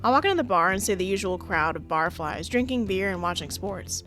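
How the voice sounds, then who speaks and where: A woman's voice: medium pitch, expressive, brisk, fairly bright tone, soft background music. A woman playing a visual novel, narrating it aloud and breaking off for wry, laughing asides. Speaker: game streamer.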